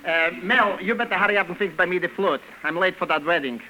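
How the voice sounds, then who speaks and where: Heavy-accented immigrant flute guy, broken english, high voice, old radio hiss. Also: fast talker. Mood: deadpan. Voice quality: thick comic foreign accent, broken English. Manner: deadpan joke delivery. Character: fussy immigrant flute player, middle-aged man. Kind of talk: 1940s radio comedy acting. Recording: noisy old radio broadcast recording.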